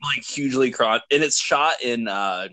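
A man's voice: medium pitch, normal speed, sharp tone. Enthusiastic, rambling, swearing man. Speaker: podcast co-host. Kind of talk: casual chat.

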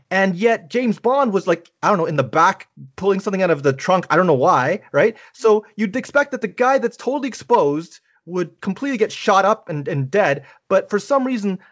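A man's voice: high voice, highs cut off. A man co-hosting a podcast in casual chat, rambling and correcting himself as he retells a film plot. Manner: rambling, self-correcting storyteller. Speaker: podcast co-host.

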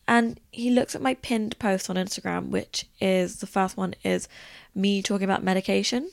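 Very creaky young woman chatting. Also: mid-range voice, steady tone, normal speed, dry recording, clean studio sound. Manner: chatty, rambling, heavy use of "like". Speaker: podcast host. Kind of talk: casual storytelling chat.

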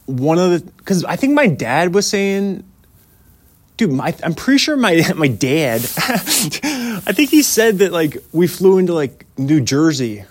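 A man's voice: on the high side, big pitch swings, measured pace, no echo. A man in his thirties hosting a casual solo podcast outdoors in the snow, rambling and chatty, often laughing and saying "dude". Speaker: podcast host.

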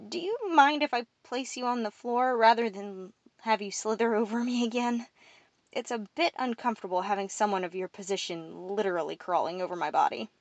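A woman's voice: medium pitch, brisk, dry recording, highs cut off, close to an everyday voice. A woman voicing a polite, earnest young male prince at school in an audiobook, plain-spoken and courteous.

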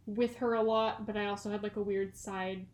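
A woman's voice: medium pitch, little pitch movement, moderate pace, a little mellow. Chatty young woman in an echoey room. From California. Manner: chatty and rambling, many "like" fillers, laughs often. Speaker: podcast co-host. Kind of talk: casual chat.

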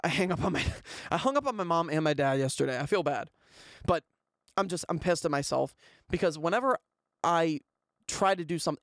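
A young man hosting a podcast, telling a rambling, animated story in a casual way. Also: on the high side, brisk, pauses often, no echo, studio quality. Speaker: podcast host.

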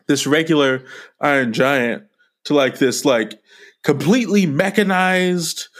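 A man co-hosting a movie podcast, retelling scenes with profanity, laughter and quick put-on voices. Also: a little high, fairly bright tone. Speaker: podcast co-host. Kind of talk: casual movie chat.

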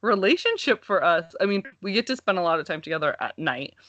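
A woman's voice: on the low side, very animated, fast, dry recording, lo-fi sound. A woman co-hosting a casual chat, talking chattily with many "like"s. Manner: chatty, uses "like" a lot, warm reactions.

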